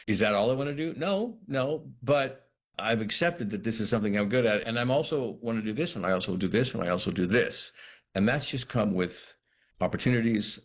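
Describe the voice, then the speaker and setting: Husky low-voiced actor reflecting slowly. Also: male voice. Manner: thoughtful, halting, many restarts and quoted asides. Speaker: actor, guest. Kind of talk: reflective interview talk.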